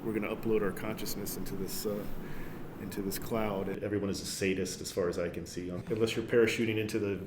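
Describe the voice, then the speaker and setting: A man's voice: fairly low pitch, flat delivery, quick pace, reverberant, background noise. A man being interviewed as a guest on a podcast, answering in a musing way with broken phrasing. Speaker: guest, academic and writer.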